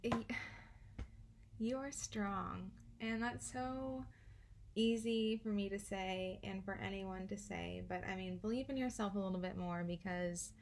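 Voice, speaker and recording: A woman's voice: mid-range voice, measured pace, gravelly, a little mellow, slight background noise. Chatty giggly young woman reading cards. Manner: chatty, giggly, swears freely. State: out of breath. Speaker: tarot card reader. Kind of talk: casual card reading.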